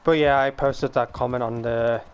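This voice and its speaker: A young man streaming a game, chatting casually and laughing often, his voice cracking and rough. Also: mid-range voice, steady tone, moderate pace, highs cut off, slight background noise. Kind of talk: casual live-stream chat.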